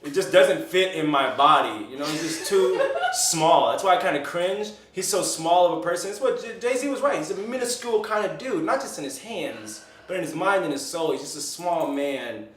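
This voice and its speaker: A man's voice: a little high, animated, moderate pace, hardly any pauses. A man hosting a comedic mock-news show as anchor and bartender, rambling and swearing loosely while making drinks. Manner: rambling, profane, loose and joking. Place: bar. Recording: roomy, distant mic, faint noise.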